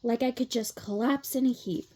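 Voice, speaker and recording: A woman's voice: a little high, dark tone, lightly acted. A woman doing a languid, sleepy dreamer girl. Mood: drowsy. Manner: languid, drawn-out speech.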